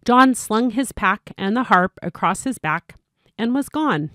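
A woman reading a storybook aloud as narrator, steady and clear, with small slips. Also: fairly high pitch, measured pace, dry recording, clean studio sound.

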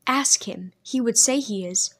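A woman's voice: fairly high pitch, unhurried, a bit bright, slightly rough. A woman reading an audiobook, voicing a proud, bitter young man who snaps and broods. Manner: curt, brooding, snapping. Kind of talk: audiobook character voice.

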